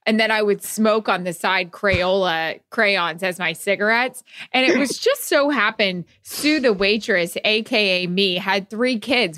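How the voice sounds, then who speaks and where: A woman's voice: mid-range voice, a bit bright, no room sound. A woman with a mid-range voice co-hosts a casual chat podcast. She reminisces in a playful, chatty way. The close mic gives a dry, present sound. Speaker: podcast co-host.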